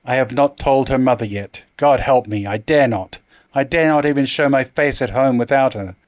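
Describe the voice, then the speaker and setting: Older general, read by a male narrator, emotional and quick to fury, no room sound. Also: medium pitch, dry recording, lightly acted. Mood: anguished. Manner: emotional, anguished, then furious. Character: stern grieving army general, older man, hot-tempered.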